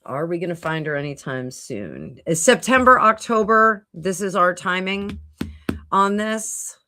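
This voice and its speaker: A woman's voice: lowish voice, expressive, a little slow, sharp tone. A middle-aged woman hosting a psychic livestream, chatting casually with viewers and thinking aloud with many fillers and restarts. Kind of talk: casual livestream chat answering viewer comments. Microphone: computer mic at a home livestream.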